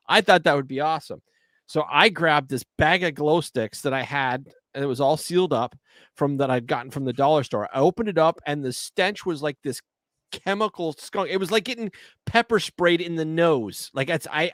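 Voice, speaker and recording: A man's voice: a little high, moderate pace, fairly bright tone, dry recording. A middle-aged man co-hosting a live talk show, telling stories and teasing his partner in a dry, wry way. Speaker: co-host of a live paintball show. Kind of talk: casual live-stream banter.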